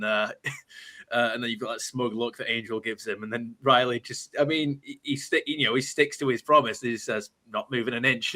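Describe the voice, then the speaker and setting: A man with a bright, forward voice chats on a podcast panel. He hesitates often, with ums and restarts. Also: medium pitch. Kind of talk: casual chat.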